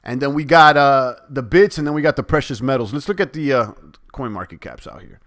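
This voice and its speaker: A man's voice: medium pitch, fairly quick, fairly bright tone. A young man hosting a crypto livestream, chatting in a rambling, conversational way straight to his viewers. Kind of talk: casual livestream chat.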